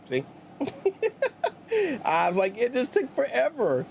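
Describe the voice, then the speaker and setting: A man's voice: very high voice, normal speed, gravelly, slight background noise. A man hosting a gaming livestream, chatting casually, laughing often and munching into his mic. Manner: animated, laughs often, talks while munching. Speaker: streamer host. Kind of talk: casual livestream gameplay chat. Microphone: streaming mic.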